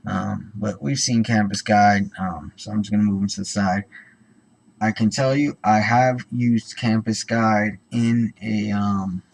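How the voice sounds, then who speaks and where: Guy with a gravelly husky voice, rambly card talk, lots of ums. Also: lowish voice, steady tone, measured pace, rough recording. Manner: rambling, many ums and self-corrections. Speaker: card-opening channel host. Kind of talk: casual card-by-card commentary.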